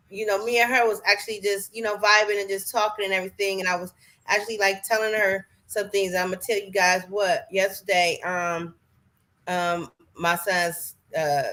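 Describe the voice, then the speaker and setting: Bright-voiced woman chatting earnestly. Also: medium pitch, steady tone, moderate pace. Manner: earnest, rambling, with many fillers. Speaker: podcast guest. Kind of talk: casual podcast chat.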